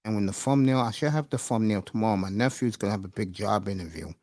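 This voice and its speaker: A man with a fairly low, darkish voice talks fast while hosting a casual livestream, rambling and getting emotional as he calls his listeners bro and folks. The studio-quality audio has no room sound.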